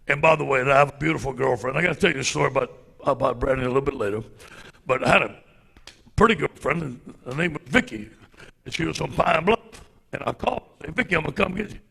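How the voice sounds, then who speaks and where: A man in his sixties with a gravelly, husky voice, telling animated stories as a guest speaker on a handheld mic. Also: medium pitch, brisk. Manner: animated storyteller, acts out loud exclamations. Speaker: football coach guest speaker. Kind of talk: storytelling at a club luncheon.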